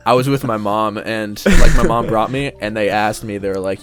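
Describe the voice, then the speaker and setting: A young man with a fairly low voice tells a story on a casual podcast, animated and swearing as he acts out the voices of people in it. He sounds loose and unscripted, and faint music sits underneath him. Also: moderate pace. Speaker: podcast co-host.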